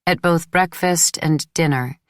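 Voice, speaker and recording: A woman narrating a novel in the first person in a measured, introspective way. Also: deep voice, dry recording, clean studio sound. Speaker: audiobook narrator.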